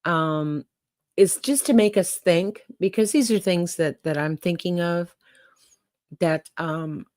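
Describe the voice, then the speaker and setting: A woman's voice: fairly low pitch, slow pace, darkish tone, no echo, studio quality. Folksy older woman chatting to her stream. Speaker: livestream host. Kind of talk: casual livestream chat.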